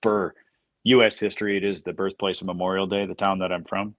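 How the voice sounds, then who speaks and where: A man's voice: deep voice, level tone, brisk, fairly bright tone, no echo. A man from the United States, a podcast guest, talking in a hesitant, self-deprecating way. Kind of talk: casual interview chat.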